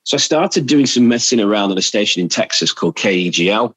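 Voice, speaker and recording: A middle-aged English man, a radio presenter, chatting as a podcast guest and telling lively stories from his career. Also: on the low side, fast, slightly rough, no echo, rough recording. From England. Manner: chatty storyteller, animated anecdotes. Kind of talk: casual chat.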